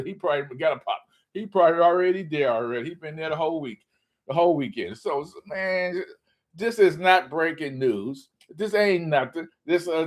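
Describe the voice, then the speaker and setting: A man hosting his own sports channel, ranting casually and mocking fans, often laughing. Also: on the high side.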